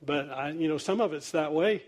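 A man's voice: on the high side, moderate pace, a little mellow. A man preaching a sermon as pastor, telling stories in a loose, conversational way with easy laughter. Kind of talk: sermon storytelling.

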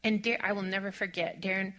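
Woman pastor, bright tone, animated storytelling sermon, church setting. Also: mid-range voice. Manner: animated storytelling, laughing often, fast-talking asides. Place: church sanctuary.

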